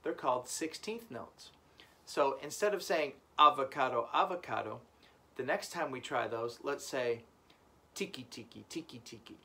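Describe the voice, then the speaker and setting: A man's voice: mid-range voice, expressive, moderate pace. A man teaching a children's music lesson, encouraging the class and chanting rhythm syllables. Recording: loud background noise.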